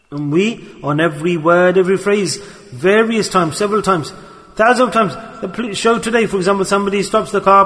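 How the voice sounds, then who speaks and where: A man giving a sermon on a hadith, quick and emphatic, firing rhetorical questions at the audience. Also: high voice, fairly bright tone. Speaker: preacher. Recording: long hall reverb.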